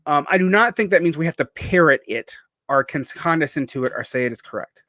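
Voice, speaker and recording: Vlogger, man around 40, faint Southern US accent, r/l/w speech impediment, slightly high voice, dry close sound. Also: expressive, fairly quick, sharp tone, dry recording. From Southern United States. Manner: rambling and digressive, with many restarts. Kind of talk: casual monologue.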